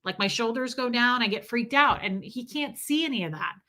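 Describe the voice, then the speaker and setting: Woman, livestream host, casual chat, rambling, restarts sentences, bright forceful tone. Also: fairly high pitch, lively intonation, fairly quick. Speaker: livestream host reading viewer comments.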